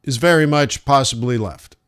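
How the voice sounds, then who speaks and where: A man's voice: medium pitch, fairly bright tone, smooth. A man live-streaming forex trades, thinking aloud over his charts and talking to viewers as "guys". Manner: slow, musing, talks to chat as "guys". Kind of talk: live trading stream commentary.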